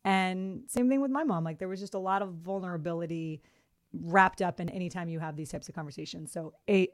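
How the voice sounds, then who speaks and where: Lower-pitched woman podcast co-host, dry sound. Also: brisk, no room sound. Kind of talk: casual podcast chat.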